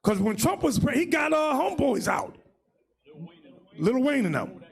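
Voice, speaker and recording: A man leading a religious class as bishop, preaching in a loud, mocking, shouting manner. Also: extremely high pitch, big pitch swings, a little slow, gravelly. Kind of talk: fiery religious teaching.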